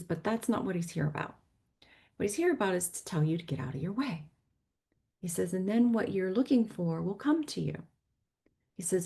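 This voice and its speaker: A woman with a mid-range, breathy-edged voice tells a personal story as a podcast guest. An animated storyteller, she acts out the voices of people she quotes and drops to a whisper at tense moments.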